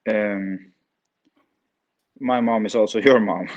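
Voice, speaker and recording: Slow hesitant guy learning mandarin, dull lo-fi mic. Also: fairly low pitch, fairly even intonation, darkish tone. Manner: hesitant, repeats phrases with many fillers. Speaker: student. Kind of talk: language lesson practice.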